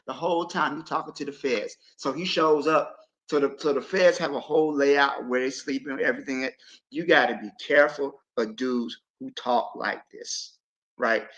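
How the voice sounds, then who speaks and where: A man hosting a livestream panel discussion, speaking emphatically with sudden swings between loud and quiet. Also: fairly high pitch, low-quality recording. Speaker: podcast host.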